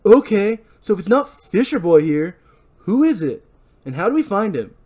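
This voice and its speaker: A man reading out the lines of an angry, paranoid young man in a loud, strained, raised voice. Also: big pitch swings, moderate pace. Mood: angry shouting. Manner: shouting, accusing, high-pitched strain.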